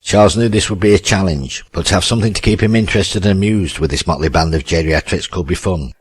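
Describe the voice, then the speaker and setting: A man narrating an audiobook in a steady, wry way. His voice is very low and husky, and the recording is dry and close. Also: fast talker, no room sound. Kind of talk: scripted narration.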